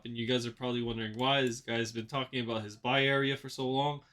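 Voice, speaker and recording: A man's voice: mid-range voice, pushed and bright. A man hosting a trading channel, talking casually through chart analysis with lots of fillers and repeated phrases. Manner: rambling, repeats himself, many fillers. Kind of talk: casual market analysis commentary.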